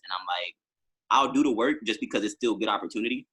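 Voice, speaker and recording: Male musician guest, husky and forceful, lowish voice, rambling casual storyteller. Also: fast talker. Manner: rambling storytelling with many fillers. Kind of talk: casual podcast conversation.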